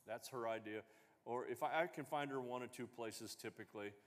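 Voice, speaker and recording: Male pastor, sermon, conversational, rhetorical questions, mid pitch, long church reverb. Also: brisk. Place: church sanctuary.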